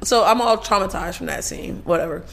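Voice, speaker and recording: A woman guest on a casual interview show, telling a story in a profane, animated way with frequent laughter. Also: medium pitch, a little fast, gravelly, slight background noise. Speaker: podcast guest.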